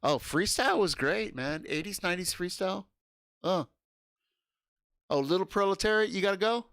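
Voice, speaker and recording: A man hosting a casual livestream, loud and excitable, swearing and laughing often. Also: high voice, moderate pace, smooth, no echo, clean studio sound. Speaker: livestream host.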